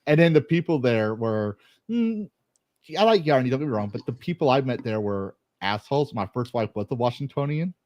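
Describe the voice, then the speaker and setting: Rambling man, faded Texas accent, lively pitch, laughs a lot, dry recording. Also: brisk, dry recording. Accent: American, faded Texas. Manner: rambling, laughing, profane storytelling. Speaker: podcast host. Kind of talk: casual chat.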